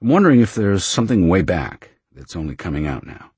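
A man playing a calm investigator pressing with plain questions. His voice is extremely deep and husky, in a dry, close sound. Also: brisk, no echo, heavily acted. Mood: probing.

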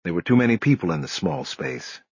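Male audiobook narrator, low husky voice, lively pitch, dry slightly dull recording. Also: a little fast, no echo. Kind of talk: scripted narration.

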